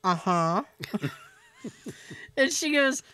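A woman co-hosting a podcast, telling a story in an animated, profane way and laughing as she goes. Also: on the high side, moderate pace, no echo. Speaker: podcast co-host. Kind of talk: casual storytelling chat.

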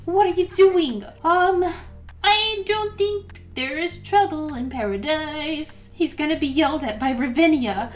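A woman hosting a gameplay video, excitable and gushing, gasping often as she comments on the game. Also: sits high, measured pace. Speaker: gaming video host. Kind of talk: let's play commentary.

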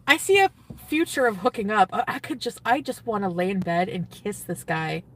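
A woman's voice: mid-range voice, animated, unhurried. A woman streamer chatting casually, giddy and gushing, often trailing off and laughing. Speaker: livestreamer. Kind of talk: casual livestream chat.

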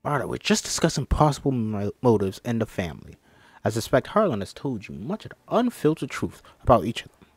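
A man's voice: mid-range voice, big pitch swings, brisk, husky, dry recording. A man voicing a courtly, probing male detective in a screenplay table read, drifting in and out of a put-on accent.

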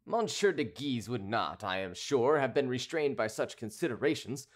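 A man's voice: medium pitch, lively intonation, normal speed, lightly acted. A man voicing a proud, hot-tempered middle-aged cavalier who speaks haughtily and impatiently, pushing his voice up.

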